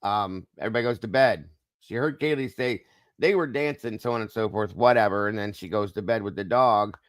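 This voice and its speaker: Man, low voice, dry close sound, casual livestream host, talks to chat. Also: brisk, dry recording. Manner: musing, talks straight to chat viewers. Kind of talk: casual live-stream discussion.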